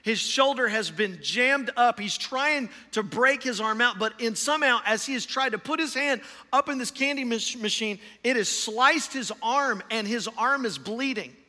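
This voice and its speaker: Male pastor preaching with passion, bright and piercing tone, echoing through a large church hall. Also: extremely high pitch, moderate pace, hardly any pauses. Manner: impassioned preaching, swings from hushed to loud storytelling. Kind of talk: sermon. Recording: long hall reverb.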